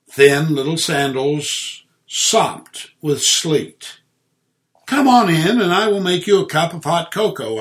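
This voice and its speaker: A man narrating an inspirational story in a gentle, measured reading voice. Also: on the high side.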